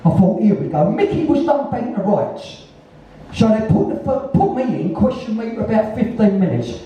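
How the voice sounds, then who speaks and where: A man's voice: high-pitched, big pitch swings, moderate pace. A man of about sixty with a London Cockney accent, a guest at a live onstage conversation, telling a blunt, rambling story full of swearing. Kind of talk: anecdotal storytelling. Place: live music venue, in front of an audience. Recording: echoey venue, distant and dull.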